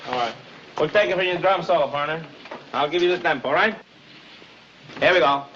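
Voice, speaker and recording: An actor playing a moody Cuban bandleader husband, speaking with a Cuban accent in 1950s sitcom style. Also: male voice, on the high side, fairly quick, a bit bright, close to an everyday voice. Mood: brisk. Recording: muffled old TV soundtrack, distant, hiss.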